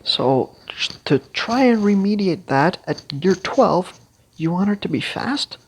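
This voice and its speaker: A casual game strategy guide creator explaining team builds haltingly, with many fillers and restarts, and clearing their throat now and then. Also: mid-range voice, very animated, poor audio.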